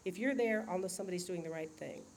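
A woman's voice: fairly low pitch, fast, a little mellow, slight background noise, lightly acted. A woman reading aloud, voicing a curt, businesslike male lawyer who is the heroine's ex-husband, in a clipped, dismissive manner. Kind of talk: audiobook reading.

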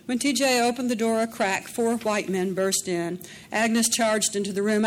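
A woman's voice: a little high, steady tone, normal speed, hardly any pauses, slight background noise. Woman narrating a dramatic audiobook.

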